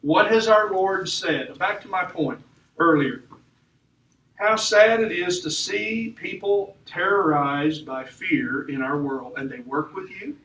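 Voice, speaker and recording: A man with a high, bright voice preaches a sermon, driving his points home with emphatic rises and falls. He sounds like he's standing a way back from the mic, and the church room around him echoes. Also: slow pace, far from the mic. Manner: emphatic preaching with rising and falling delivery. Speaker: pastor.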